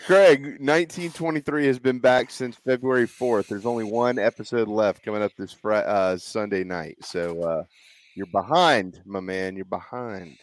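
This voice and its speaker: A man's voice: fairly low pitch, moderate pace. A man co-hosting a sports talk show, easygoing and teasing in casual chat.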